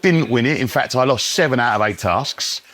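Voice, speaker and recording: A man's voice: mid-range voice, lively intonation, normal speed. A man, chatting cheekily as a guest over dinner in a pub. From England. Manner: cheeky, loud banter with laughs. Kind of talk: casual chat. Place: pub dining room.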